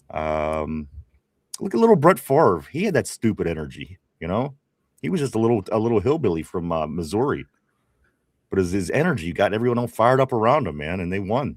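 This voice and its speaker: A man's voice: fairly low pitch, no echo, studio quality. A man with a Pittsburgh accent hosting a casual sports talk show, reading viewer comments aloud, chatty, with frequent laughs and restarts. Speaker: podcast host reading live chat.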